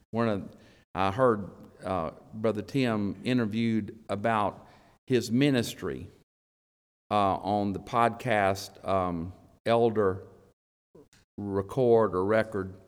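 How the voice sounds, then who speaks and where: A man preaching a sermon to his congregation as their elder, emphatic and deliberate, with long pauses between phrases. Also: on the low side. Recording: long reverb of a large hall.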